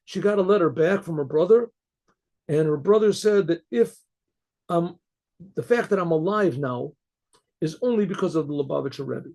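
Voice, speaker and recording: Gravelly, halting rabbi telling a story. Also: male voice, a little high, darkish tone. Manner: halting, many restarts and fillers, clears throat often. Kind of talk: casual spoken storytelling.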